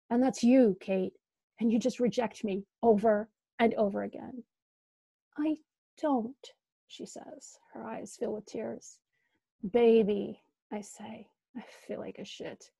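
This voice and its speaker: A woman's voice: a little high, creaky, mellow, breathy edge, no echo. A woman author reading a dramatic first-person passage from her novel aloud, voicing the dialogue with feeling.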